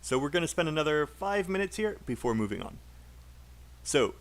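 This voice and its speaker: A man with a British accent leads a live online English lesson, chatty and encouraging. His voice sits a little high and swings widely in pitch as he repeats practice phrases for students to say back. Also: sing-song, normal speed. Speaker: English teacher. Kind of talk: live online class teaching.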